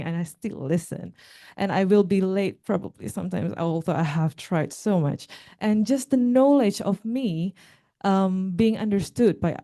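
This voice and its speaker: A young woman gives a talk with slides, speaking haltingly with fillers and restarts. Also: on the low side, mellow. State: out of breath. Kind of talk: conference talk.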